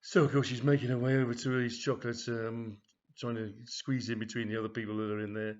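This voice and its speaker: A man's voice: mid-range voice, flat delivery, fast. A storyteller with a middling voice rambles happily through a comic tale, scattering fillers and asides as he goes. The recording sounds dull and lo-fi, without much top end. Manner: rambling, with frequent fillers and "of course". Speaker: author reading his own comedy story. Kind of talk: storytelling, loose and conversational.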